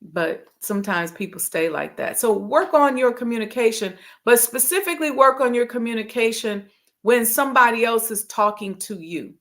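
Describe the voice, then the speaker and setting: A woman's voice: a little high, lively intonation, moderate pace, fairly bright tone. A woman emotional intelligence coach giving a casual, direct live-stream talk, reading viewers' comments and speaking straight to her audience.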